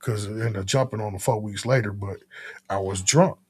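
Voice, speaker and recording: A man talks as a guest in a relaxed, rambling way. His voice is low and a little husky, and he often throws in "you know what I'm saying.". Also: a little fast. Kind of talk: casual conversation.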